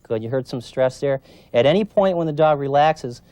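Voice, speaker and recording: A man's voice: mid-range voice, animated, moderate pace, dark tone, no echo. A man demonstrating puppy training, explaining patiently and checking in with his student as he coaches. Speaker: dog trainer. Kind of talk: instructional demonstration.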